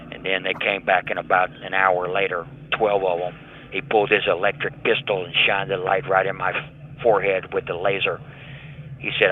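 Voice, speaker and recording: Older male inmate storyteller, low-pitched, phone-line audio. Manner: matter-of-fact storyteller, acting out dialogue. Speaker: prison inmate interviewee. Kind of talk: recounting a story over a phone call. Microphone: prison telephone. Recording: tinny prison phone line.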